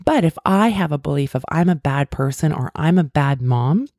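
A woman's voice: low voice, animated, moderate pace, darkish tone, no echo, clean studio sound. A middle-aged woman hosting a podcast, talking earnestly and at length in a coaching tone about feelings. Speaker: podcast host. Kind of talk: casual self-help talk.

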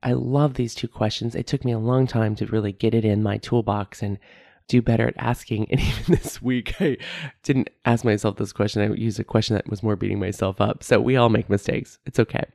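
A woman's voice: rumbling low, fairly even intonation, a little fast, gravelly, warm tone, no room sound, studio quality. A woman hosting her own podcast, talking candidly about feelings, often laughing at herself and repeating key phrases. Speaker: podcast host. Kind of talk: reflective solo podcast talk.

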